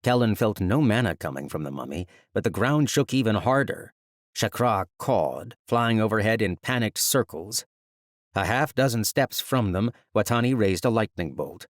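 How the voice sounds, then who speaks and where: This fantasy audiobook is narrated by a man with a fairly low pitch, speaking in an even, measured storytelling style. The close studio-mic recording has no echo.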